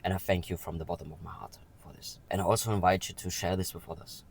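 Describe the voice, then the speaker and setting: A man talking earnestly and with feeling in a personal vlog, pausing often to say "okay". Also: low-pitched, fairly even intonation, creaky, husky, rough recording. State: emotional. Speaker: vlogger.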